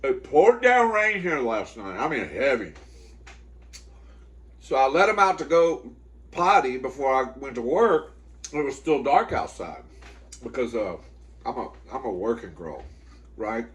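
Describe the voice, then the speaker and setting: A man hosting a comedy eating show, telling a story in a campy, profane, chatty way, calling the viewer "girl" and jumping into loud high yelps when he quotes himself or scolds his dogs. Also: very animated, a little slow, long pauses. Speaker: comedy mukbang host. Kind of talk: casual storytelling to camera.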